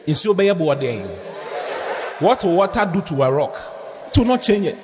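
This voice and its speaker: A man preaching a sermon as pastor, humorous and animated, drawing responses from the congregation. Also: high-pitched, unhurried. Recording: echoey hall, faint background noise.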